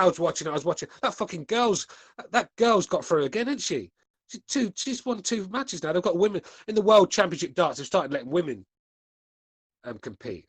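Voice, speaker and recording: A man's voice: a little high, dry recording. A man hosting a podcast, reading live chat with laid-back, crude, mocking banter. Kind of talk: casual live-stream chat.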